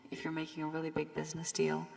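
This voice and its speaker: Low, gravelly woman with a cold-strained voice. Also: monotone, quick pace, darkish tone, long reverb tail. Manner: loose and rambling with many fillers, warning and advising. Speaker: tarot reader. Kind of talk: casual tarot reading monologue.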